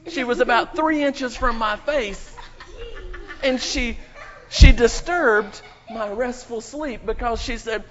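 A man's voice: extremely high pitch, a little slow, fairly bright tone, highs cut off. A man serving as pastor in a church, leading a prayer and then telling a children's story with playful questions to the kids. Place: church sanctuary.

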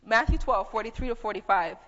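A woman's voice: fairly high pitch, fast, a bit bright. A woman preaching a sermon, teaching conversationally and reading scripture aloud. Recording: dull echoey hall.

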